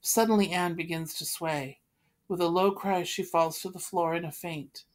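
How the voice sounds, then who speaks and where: Low-voiced woman reading a play. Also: fairly even intonation, normal speed. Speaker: reader. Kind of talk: reading stage directions aloud.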